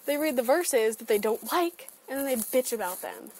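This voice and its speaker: Slightly high-voiced and speaking at an ordinary pace, a woman vlogger goes off in a sarcastic, expletive-filled, energetic rant. The sound, from her computer webcam, is rough.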